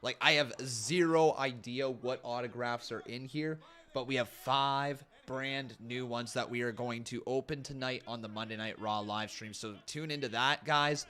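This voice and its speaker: A man's voice: mid-range voice, steady tone, normal speed, pushed and bright. A man hosting a live stream watch-along, commenting with upbeat energy, laughing often and chatting with his viewers. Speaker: host.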